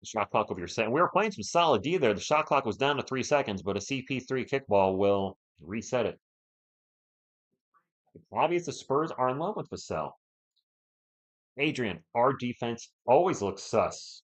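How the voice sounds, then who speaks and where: Animated man calling a game live. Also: mid-range voice, normal speed. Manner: animated, partisan, banters with chat. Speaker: live stream host. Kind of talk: fan play-by-play commentary.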